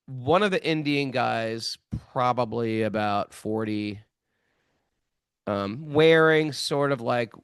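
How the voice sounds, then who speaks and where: A man in his sixties, hosting a podcast, telling a self-mocking story in a casual, animated way with plenty of fillers. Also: mid-range voice, no room sound, clean studio sound. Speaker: podcast host.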